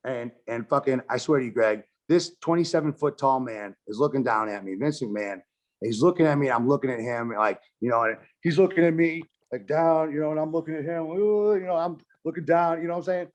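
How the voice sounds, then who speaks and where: A man tells his stories loosely and profanely, with a voice that swings up and down as he plays each part. It comes across as a relaxed, unscripted podcast conversation. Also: fairly high pitch. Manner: animated, swears constantly, acts out quotes. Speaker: podcast guest, wrestler and filmmaker. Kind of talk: casual storytelling chat.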